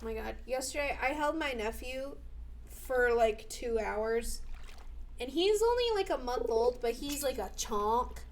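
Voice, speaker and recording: A young woman streaming live, chatting casually, bubbly and excitable with sudden squeals. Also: fairly high pitch, unhurried, a little hiss or hum.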